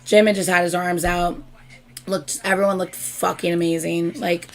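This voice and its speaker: A young woman hosting a casual live stream, telling a story excitedly and swearing freely. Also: on the low side, normal speed. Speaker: host.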